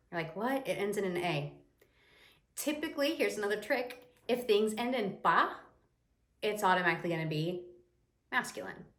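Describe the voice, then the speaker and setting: Chatty young woman teaching, echoey room. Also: mid-range voice. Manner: lively, chatty, imitates the viewer's reactions. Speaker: Spanish teacher. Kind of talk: casual explanatory lesson.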